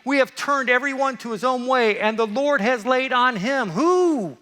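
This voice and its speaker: A man preaching a lively sermon, playful and animated, swinging from loud excitement to hushed asides. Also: very high-pitched, normal speed, long reverb tail.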